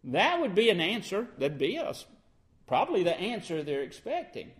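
A man's voice: sits high, wildly swooping pitch, normal speed, a bit bright. A man, preaching as pastor and explaining scripture line by line in an earnest, plainspoken way. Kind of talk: sermon.

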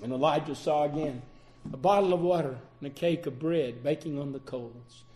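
A man preaching a sermon, swinging between loud declarations and hushed passages. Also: a little high, normal speed.

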